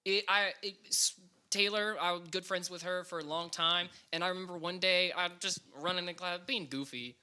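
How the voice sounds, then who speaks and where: A laid-back young man with a very bright, slightly high voice recounts school stories on a podcast. He talks loosely and swears casually. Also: steady tone, normal speed, clear, resonant tone. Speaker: podcast guest. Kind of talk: casual chat.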